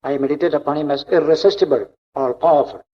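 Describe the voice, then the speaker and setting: A man voicing a humble ancient king, speaking slowly and with emphasis. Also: on the high side, fairly even intonation, close to an everyday voice. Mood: firm. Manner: slow, measured, emphatic. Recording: dull lo-fi recording.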